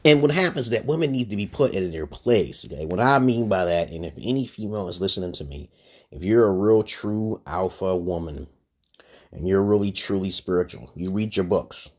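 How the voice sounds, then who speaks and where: Man, husky voice, livestream rant, crude and rambling, swooping pitch. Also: lively intonation, fairly quick. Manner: rambling, crude, jumps to high pitch when heated. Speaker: livestream host.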